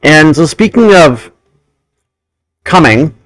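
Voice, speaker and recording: Animated rambling man, casual chat. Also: on the high side, slow, low-quality recording. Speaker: podcast host.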